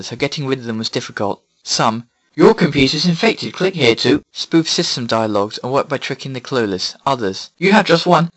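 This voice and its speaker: A man's voice: mid-range voice, a bit bright, lo-fi sound. A man reading a scripted opinion monologue in a sarcastic, ranting manner.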